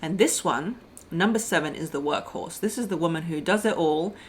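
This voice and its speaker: A woman with a slightly low voice talks frankly to camera as a relationship coach, casual and chatty. She speaks to the listener like a girlfriend and often slips into acted-out quotes. A faint hum of room ambience sits behind her. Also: normal speed. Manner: chatty and frank, calls the listener girl and babe; acts out quoted voices mid-sentence. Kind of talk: casual direct-to-camera advice talk.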